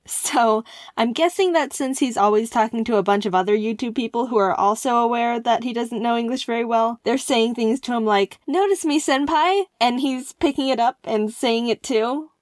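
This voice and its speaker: A woman narrating an animated storytime in an excitable way, jumping into playful voices for the people she quotes. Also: a little high, no echo, studio quality.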